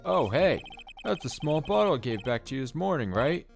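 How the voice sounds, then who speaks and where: A man's voice: fairly high pitch, very animated, moderate pace, gravelly, over music, pitched above the performer's own voice. A man voicing a friendly male detective in a raised, upbeat, folksy voice.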